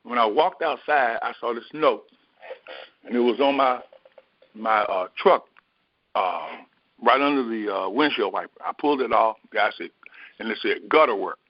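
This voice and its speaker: A man's voice: mid-range voice, normal speed, pauses often, no room sound. Folksy storytelling man, dull dry recording. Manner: folksy, animated storytelling with many fillers. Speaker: preacher. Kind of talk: storytelling sermon.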